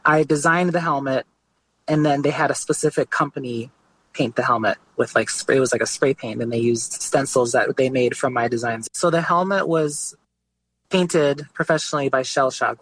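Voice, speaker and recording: A man chats as a guest artist in a relaxed, conversational way. He tells his story loosely and keeps dropping "like" and "you know" into it. His voice sits in a middle, everyday pitch. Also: moderate pace, breathy edge, poor audio. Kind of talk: casual conversational interview.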